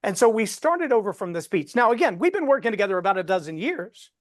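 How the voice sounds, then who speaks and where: A man coaching a live webinar on storytelling, folksy and animated as he walks through examples. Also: sits high, quick pace, dry recording, clean studio sound.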